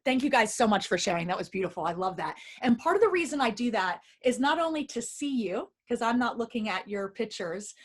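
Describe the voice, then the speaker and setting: A woman presenting a wellness webinar, encouraging the audience and reading their chat replies aloud. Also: a little high.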